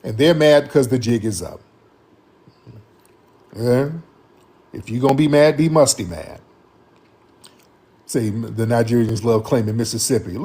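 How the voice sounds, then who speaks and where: A man's voice: mid-range voice, a little slow, pauses often, mellow, breathy edge. A man hosting a live-stream commentary show and taking callers, talking in an emphatic, repetitive, slang-heavy way.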